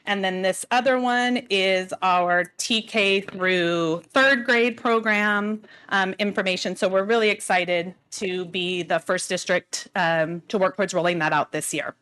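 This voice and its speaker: A woman delivering announcements at a school board meeting, warm and slightly emotional, with frequent "um"s. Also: mid-range voice, steady tone, unhurried, hardly any pauses, clear, resonant tone. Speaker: school district administrator.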